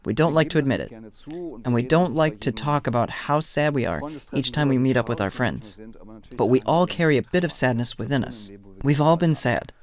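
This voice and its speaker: A man's voice: mid-range voice, expressive, moderate pace. German-accented man lecturing on the psyche. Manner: storytelling, acts out dialogues. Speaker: therapist and lecturer. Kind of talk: lecture to an audience.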